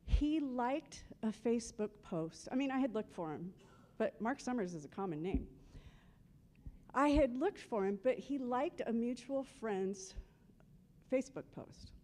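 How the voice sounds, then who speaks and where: A woman's voice: fairly high pitch, lively intonation, unhurried, dark tone. A woman giving a eulogy for her husband at a memorial service, telling humorous stories and acting out old conversations. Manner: humorous, acts out remembered conversations.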